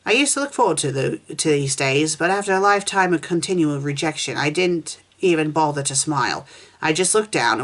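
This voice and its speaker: A woman reading a first-person fan story aloud at a steady pace, with small slips and restarts as she goes. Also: low voice. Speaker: fanfiction reviewer.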